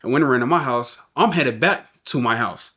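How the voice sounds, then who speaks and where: A man's voice: mid-range voice, moderate pace, bright, forceful tone, breathy edge. A middle-aged man, a guest on a podcast, tells an emotional story in loose, slangy everyday talk. He keeps dropping "you know what I'm saying" and acts out the voices of the people in the story.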